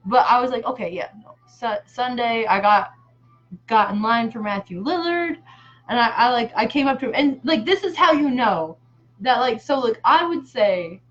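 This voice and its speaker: A woman's voice: fairly high pitch, lively intonation, normal speed, a bit bright, soft background music. A woman vlogging in casual chat while she paints a face design, telling stories in a rambling way full of fillers and casual swearing. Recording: muffled lo-fi audio.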